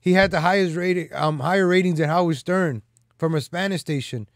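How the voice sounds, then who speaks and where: Rambling, slightly high-voiced male streamer. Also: fairly quick, no room sound, studio quality. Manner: loose, with frequent "like" and "man" fillers; teasing and boastful. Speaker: live stream host. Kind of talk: casual rambling commentary.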